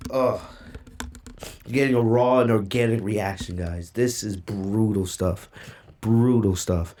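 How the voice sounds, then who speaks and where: A man's voice: lowish voice, unhurried, warm tone, a little hiss or hum. A man hosting a casual reaction video, recapping a manga chapter with loose fillers while holding back tears. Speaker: manga reaction channel host.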